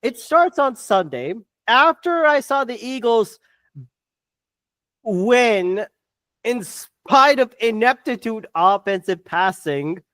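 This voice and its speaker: A podcast co-host in a full sports rant, voice pitched in the middle of the range and recorded dry and close to the mic. The talk runs hot and fast, with curses and repeated stumbling starts as the thoughts pile up. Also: lively intonation, a bit bright, no echo. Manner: fast, fired-up, swearing, stammering restarts.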